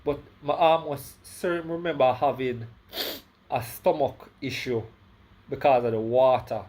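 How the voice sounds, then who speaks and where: A man's voice: mid-range voice, fairly even intonation, a little slow, a little mellow. A Jamaican man with a slight lisp tells a personal story in a casual vlog. He rambles, corrects himself and keeps adding "right?". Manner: rambling, self-correcting, many "right?" tags. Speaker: vlogger.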